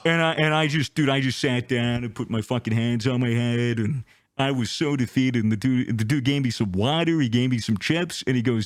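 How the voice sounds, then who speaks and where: A man telling a travel story in casual chat, animated and swearing, acting out the people he met. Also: mid-range voice, a little fast, dry recording.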